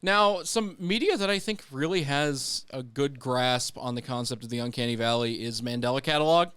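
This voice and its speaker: A man's voice: medium pitch, moderate pace, clean tone, no room sound. A young man co-hosting a podcast, chatting casually and rambling a bit with jokes. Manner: relaxed, rambling, joking. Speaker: podcast co-host.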